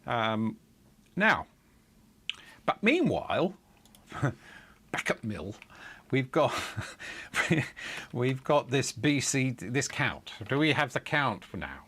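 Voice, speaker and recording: A man's voice: mid-range voice, very animated, slow, pauses often, fairly bright tone, slightly rough. A middle-aged man chatting unhurriedly on a live coding stream. He rambles, laughs to himself and restarts his sentences. When the code misbehaves he mutters in exasperation. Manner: rambling and chuckling, with frequent fillers and restarts; exasperated muttering while debugging. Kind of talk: casual live-stream chat.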